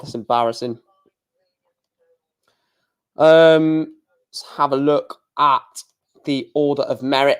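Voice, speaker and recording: A man calls darts scores on his live stream at an unhurried pace, his voice sitting a little high. His talk is chatty and exclamatory, with mild swearing between results. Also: clean tone.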